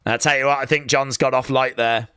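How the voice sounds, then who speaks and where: A man's voice: mid-range voice, steady tone, a little fast, bright, forceful tone, clean tone, no room sound, studio quality. A man hosting a live wrestling watch-along with teasing, sarcastic play-by-play. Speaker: live stream host.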